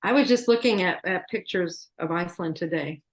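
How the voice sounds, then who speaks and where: A woman's voice: lowish voice, a little fast. Giggly woman hosting a spiritual talk show. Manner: warm, giggly, spiritual-minded. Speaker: host. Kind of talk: casual livestream chat.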